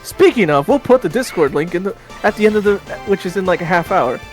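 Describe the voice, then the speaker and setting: A man's voice: sits high, animated, fast. Chatty male game streamer, music behind. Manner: chatty, reads viewer comments aloud, frequent restarts. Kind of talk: casual chat while streaming a game.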